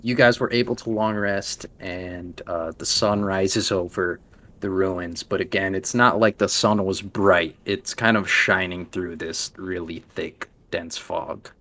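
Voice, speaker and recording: A man acting as dungeon master, narrating a tabletop game in a loose, halting way with lots of fillers. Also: deep voice, fairly even intonation, fairly bright tone.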